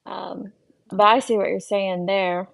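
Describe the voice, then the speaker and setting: Woman, stream host, gravelly fry, casual emphatic chat. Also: mid-range voice, little pitch movement, unhurried.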